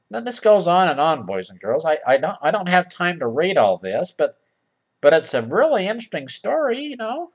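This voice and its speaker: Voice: mid-range voice, very animated, moderate pace, husky. A storyteller who reads a children's story aloud to mock it, making sarcastic asides to the listeners and restarting sentences. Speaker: storyteller and channel host.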